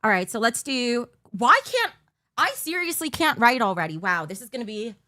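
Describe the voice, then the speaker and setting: A woman streamer chatting to her viewers, overtired and scattered, always losing her thread. Her voice sits a touch high and leaps up and down all over the place. The sound is dry and close, with no room around it. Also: sing-song, moderate pace, sharp tone, no room sound. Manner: scattered, rambling, loses her train of thought; bursts into a mock auctioneer patter. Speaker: livestream host. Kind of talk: casual livestream chat.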